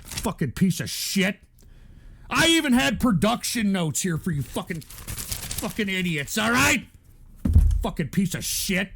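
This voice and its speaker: A man's voice: high-pitched, sing-song, a little slow, creaky, long pauses, fairly bright tone, a little hiss or hum. A man hosting a show, ranting angrily at his chat in a profane, stammering way, with frequent restarts. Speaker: show host. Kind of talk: angry rant at chat.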